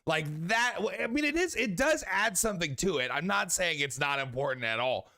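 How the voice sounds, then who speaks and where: Wry male comedy host, bright voice. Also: high voice, animated, a little fast, no echo, studio quality. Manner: wry, joking. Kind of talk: mock courtroom comedy talk.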